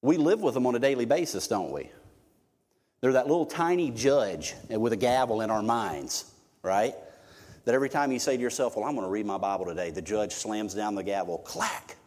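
A man's voice: medium pitch, expressive, normal speed, a little mellow. A middle-aged male pastor preaching a sermon in church, conversational and joking, with emphatic stretches. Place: church sanctuary. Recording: long hall reverb.

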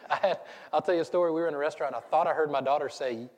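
A man's voice: on the high side, fast talker, darkish tone. A man in his thirties with a Southern US accent, preaching a casual, conversational sermon that rambles and turns self-deprecating. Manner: rambling, self-deprecating, laughs at own stories. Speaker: pastor. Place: church sanctuary. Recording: church hall with long reverb.

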